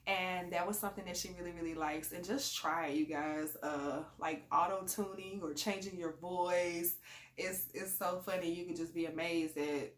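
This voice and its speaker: A woman with a lower voice chats casually in a vlog. She rambles through her advice in a conversational way. Her voice bounces around an echoey room. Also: fairly even intonation, normal speed, slight background noise. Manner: chatty and conversational, rambling with fillers. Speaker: parent sharing advice on a channel.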